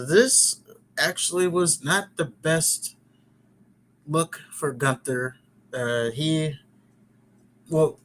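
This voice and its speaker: Man, podcast host, casual rambling recap, slightly high voice, faint hiss. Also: fairly bright tone. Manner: chatty, rambling, joking asides.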